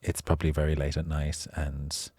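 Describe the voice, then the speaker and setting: A man with a very low voice co-hosting a casual podcast chat, cheeky and playful as he teases his guests. The sound is dry and close, with no room around it. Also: monotone, moderate pace, a little mellow, husky, dry recording. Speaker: podcast co-host, comedian.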